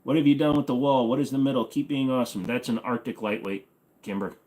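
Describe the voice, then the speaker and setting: A man's voice: mid-range voice, fairly even intonation, quick pace, a little mellow. A man in his forties hosting a casual livestream Q&A from his apartment, talking in a rambling, offhand, joking way. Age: 40s. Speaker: livestream host. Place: apartment bedroom-living room.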